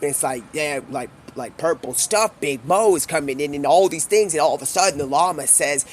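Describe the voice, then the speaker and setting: A man's voice: a little high, slight background noise. A man streaming live, rambling through an improvised story and jumping between quoted voices. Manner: rambling, stream-of-consciousness, quick voice switches.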